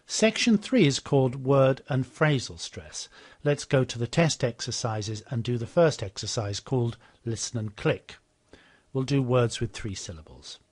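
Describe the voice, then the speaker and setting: Man, mid-pitched voice, calm explanatory software demo narration. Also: measured pace. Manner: explanatory, steady, repeats model phrases after the clips. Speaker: software demonstrator.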